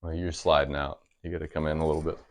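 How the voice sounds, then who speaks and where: A man with a very deep voice speaks in brief, blunt bursts. He mostly agrees and adds rough comments in casual podcast chat. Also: little pitch movement, fast talker.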